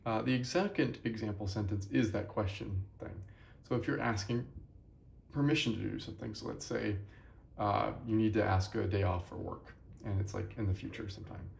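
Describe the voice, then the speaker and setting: A man's voice: on the low side, normal speed, gravelly, darkish tone, roomy sound. A tired young man teaching a casual language lesson, rambling and correcting himself as he goes.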